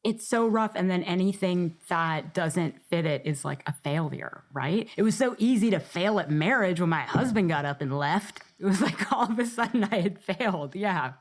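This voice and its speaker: A woman's voice: fairly low pitch, animated, normal speed, few pauses. A woman podcast guest, frank and playful, teasing during a casual interview chat.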